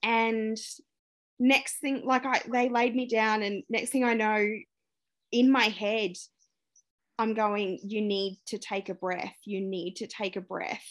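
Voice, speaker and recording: Speaking slowly in a mid-range voice, a young Australian guest on a podcast candidly retells a story of her own. She brings it to life by acting out others' words, laughing as she goes.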